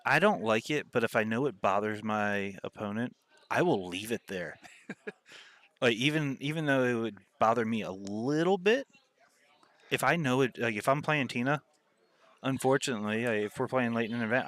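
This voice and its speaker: A man's voice: medium pitch, lively intonation, moderate pace, a bit bright, dry recording. A man doing casual live commentary on a pool match, joking around and laughing often.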